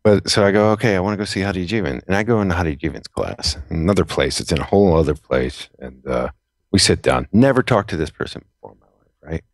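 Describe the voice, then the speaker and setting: A middle-aged man, a retired Navy SEAL, tells his story as a podcast guest in a low voice with lively intonation, speaking fast. His conversational storytelling is earnest and reflective, with frequent restarts, and there's no room sound.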